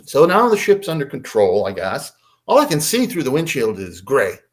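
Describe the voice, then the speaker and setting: Speaking at normal speed in a medium-pitched voice, a male podcast guest recounts a story with casual animation. He performs the different voices in it as he goes.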